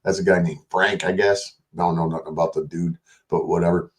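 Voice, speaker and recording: A man's voice: low-pitched, steady tone, brisk. A man hosting a late-night livestream, ranting in a combative, mocking and profane way at another online creator. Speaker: livestream host.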